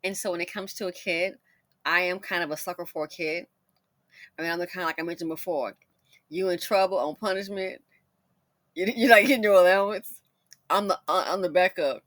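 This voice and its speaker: A middle-aged woman hosting a commentary video, telling personal stories in a chatty, animated way and laughing as she goes. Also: lowish voice, brisk, pauses often, dry recording. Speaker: commentator host. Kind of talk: casual storytelling commentary.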